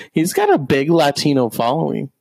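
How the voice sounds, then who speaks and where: A young man spins a rambling comic story, his voice gravelly with a rough edge of fry. He meanders and interrupts himself, slipping in wry asides as he goes. The sound is dry and close, with no room echo. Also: a little high, a little mellow. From half Mexican.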